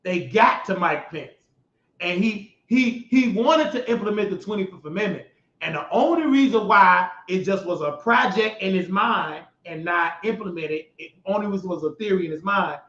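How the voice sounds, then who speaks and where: A man's voice: high-pitched, a bit bright. A young man hosting his own show, giving emphatic, mocking, slangy political commentary. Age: young adult. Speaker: show host. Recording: roomy, dull lo-fi sound.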